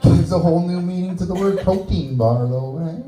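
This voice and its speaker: Crude stand-up comic, mellow voice. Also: male voice, high-pitched, moderate pace, roomy sound, soft background music, some chatter behind, poor audio. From Canada. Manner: crude, teasing banter with the audience. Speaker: stand-up comedian. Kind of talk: stand-up set with crowd work. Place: small bar stage, live audience.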